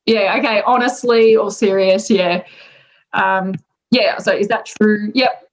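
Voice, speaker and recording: A woman's voice: mid-range voice, steady tone, a little slow, rough recording. An Australian woman casually explaining slang expressions, chatty and laughing often between words.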